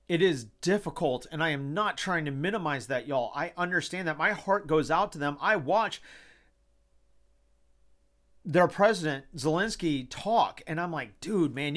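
Impassioned swearing man, raised pitch. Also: a bit bright. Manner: impassioned, swearing, repeats himself. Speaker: podcast host. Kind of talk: casual opinion talk.

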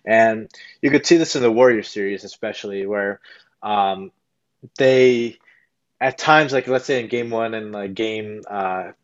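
A man co-hosting a casual sports podcast, working through stats in a measured, halting way with frequent fillers. His voice sits on the low side, and the recording is somewhat dull and lo-fi. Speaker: podcast co-host.

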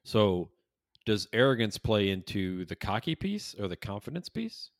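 A man's voice: on the low side, very animated, moderate pace, no echo, clean studio sound. A man co-hosting a podcast in casual chat, swearing freely, laughing often and trailing off mid-thought. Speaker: podcast co-host.

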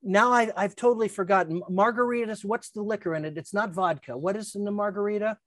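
A woman's voice: mid-range voice, fast, dry recording. Older woman telling a story, stammering. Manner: lively, stammering restarts, acts out quotes. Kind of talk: casual anecdote.

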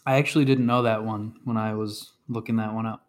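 A man's voice: lowish voice, flat delivery, fairly quick. A man hosting a casual podcast trivia game, reading clues and announcing scores.

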